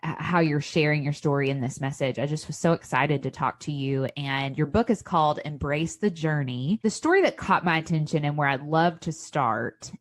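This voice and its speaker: A woman's voice: deep voice, normal speed, few pauses, no room sound, clean studio sound. Gushing Southern American woman host. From Tennessee, USA. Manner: gushing and enthusiastic. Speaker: podcast host. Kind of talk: conversational interview.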